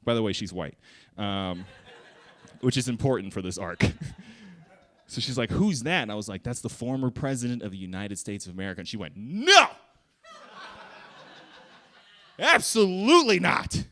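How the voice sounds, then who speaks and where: A man's voice: on the low side, brisk. A man doing a stand-up comedy set on a theater stage, crude and profane, acting out little voices in his bits.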